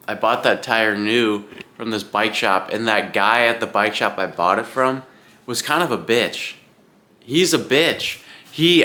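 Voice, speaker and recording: A man's voice: lowish voice, pushed and bright. A young man vlogging about his Ironman training, chatting casually at home in front of his camera, rambling and swearing freely as he rants.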